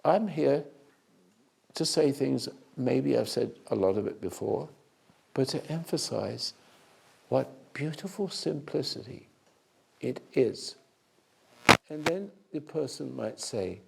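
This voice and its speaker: Slow gravelly older man telling a story. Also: mid-range voice, expressive, darkish tone. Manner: slow storytelling with many restarts and hesitations. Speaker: spiritual teacher. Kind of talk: unscripted sermon-like talk.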